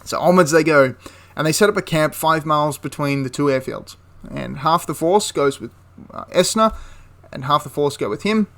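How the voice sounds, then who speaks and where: A man's voice: fairly high pitch, normal speed, fairly bright tone. A young man casually retelling a wartime history story, chatty and prone to correcting himself mid-sentence. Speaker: history channel host.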